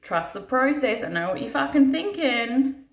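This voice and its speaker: Short on sleep, this makeup artist talks through her tutorial in a high voice with big pitch swings at normal speed. She's chatty, pokes fun at herself, and swears casually, all with a roomy echo around her.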